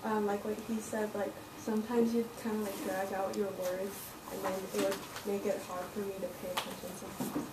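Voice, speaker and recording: A woman's voice: medium pitch, level tone, a little fast, heavy background noise. Hesitant woman student, echoey classroom. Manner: hesitant, filler-heavy with "like" and "um". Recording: echoey classroom, off-mic, with crowd.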